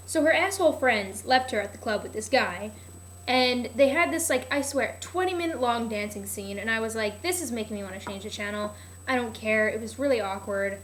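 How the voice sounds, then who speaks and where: A woman's voice: a little high, fairly bright tone. A young woman vlogging a casual, rambling recap of a TV show, sarcastic and full of "like", often losing her place.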